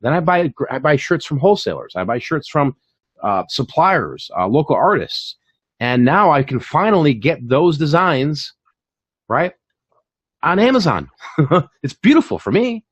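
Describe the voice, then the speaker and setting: Animated, chatty man, dry close sound. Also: a little high, measured pace, breathy edge, no echo. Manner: animated, chatty, full of fillers and repeats. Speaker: channel host and online reseller. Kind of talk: casual chat on a live stream.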